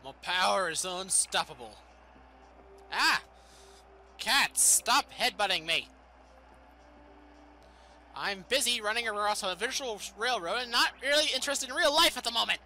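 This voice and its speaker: A man giving excitable, goofy gameplay commentary as a let's play host, with faint game music behind. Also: sits high, measured pace, long pauses, a little hiss or hum. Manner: excitable, goofy, exclaims loudly.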